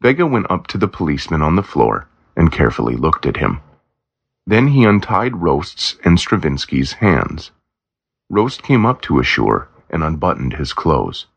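Deep gravelly male storyteller. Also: very animated, normal speed. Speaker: narrator. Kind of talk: storybook narration. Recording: dull lo-fi recording.

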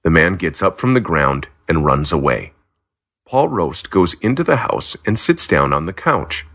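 A man narrating a simple graded story for language learners, slow and clear. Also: deep voice, big pitch swings, a bit bright.

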